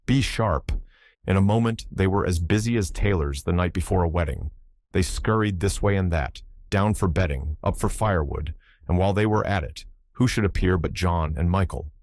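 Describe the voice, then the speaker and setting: A man narrating a classic children's story in a measured storytelling manner. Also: deep voice, darkish tone, no room sound, studio quality. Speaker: audiobook narrator. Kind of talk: scripted narration.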